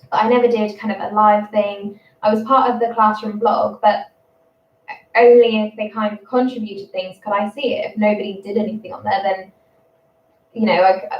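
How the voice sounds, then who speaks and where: A young English woman in her twenties, a primary school teacher chatting casually on a livestream, rambling and quick to laugh. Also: mid-range voice. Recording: roomy, distant, dull sound.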